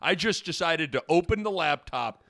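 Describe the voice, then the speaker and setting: A man's voice: on the high side, lively intonation, moderate pace, fairly bright tone. A man hosting a sports talk show, rambling casually and joking, piling on analogies. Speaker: sports radio host.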